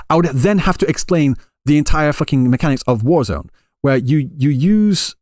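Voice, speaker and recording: A man's voice: mid-range voice, darkish tone, no echo. Rambling male streamer, dry close sound. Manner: rambling, many restarts, conversational. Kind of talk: casual chat answering live chat. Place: Japan, Kansai area.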